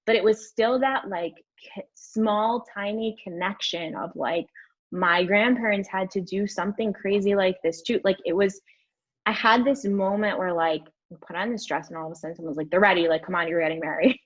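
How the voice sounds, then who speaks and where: A young woman guest telling a candid story in an interview, rambling and animated, filling her speech with "like". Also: medium pitch, normal speed. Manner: rambling, animated, heavy use of "like". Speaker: podcast guest. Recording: dull lo-fi audio.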